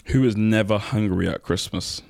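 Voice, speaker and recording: A man's voice: fairly low pitch, moderate pace, vocal fry, darkish tone, dry recording. A man co-hosting a casual chat, teasing and dry in his manner.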